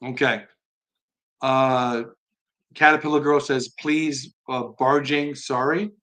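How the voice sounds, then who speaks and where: A man hosting a live stream, reading viewer comments aloud and answering them in an earnest, unhurried way. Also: medium pitch, fairly even intonation. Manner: earnest, soft-spoken, admits being slow tonight.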